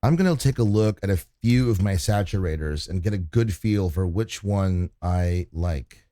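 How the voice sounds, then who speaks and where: A man's voice: deep voice, expressive, normal speed, dark tone, dry recording, clean studio sound. A man casually talking through his mixing work on a livestream, swearing freely as he explains each step. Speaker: mixing engineer teaching on a livestream.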